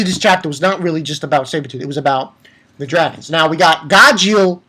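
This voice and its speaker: A woman giving a casual video review of an anime chapter. She gets excited, swears freely and acts out the characters' lines as she retells them. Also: lowish voice.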